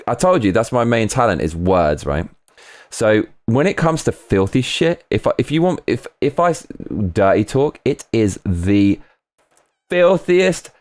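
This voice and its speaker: A man hosting a livestream, reading viewer comments aloud and chatting in a rambling, animated way. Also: dry recording, studio quality. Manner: rambling and animated, swinging pitch, frequent restarts. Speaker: livestream host.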